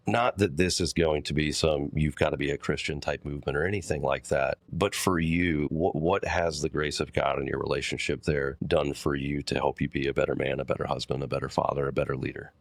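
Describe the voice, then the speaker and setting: A man's voice: very deep voice, fairly even intonation, a little fast, dry recording. A man hosting a podcast, talking in a candid, casual way and swearing freely. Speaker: podcast host.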